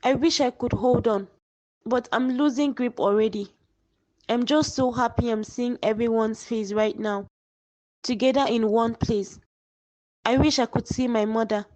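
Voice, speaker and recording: A woman's voice: a little high, fairly even intonation, darkish tone, no room sound, lo-fi sound, close to an everyday voice. A woman voicing a dying young woman in a cartoon drama, weak and remorseful, speaking faintly. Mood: weak tender. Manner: faint, slow farewells.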